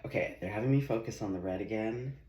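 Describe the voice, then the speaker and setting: A man's voice: lowish voice, quick pace. A man giving a casual tarot reading at home, chatty and talking to himself, swearing and laughing as he goes, recorded on a phone in his kitchen. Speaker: tarot reader. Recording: echoey room with loud background noise.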